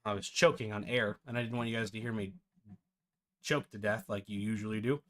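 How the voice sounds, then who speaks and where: A man's voice: on the low side, fairly even intonation, brisk, a bit bright. A man hosting a live-streamed game development tutorial, chatty and self-deprecating, often breaking into laughter.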